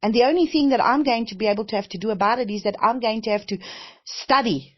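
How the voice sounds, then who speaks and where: A woman's voice: fairly high pitch, fast. A woman minister giving a heartfelt, conversational testimony-style sermon, often repeating phrases and saying "you know". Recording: dull lo-fi recording.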